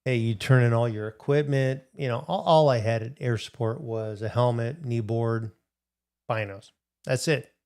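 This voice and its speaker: A man's voice: mid-range voice, normal speed, darkish tone, smooth. A middle-aged man hosting a casual livestream, rambling through a story and answering viewers in the chat. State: recovering from hip replacement. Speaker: livestream host.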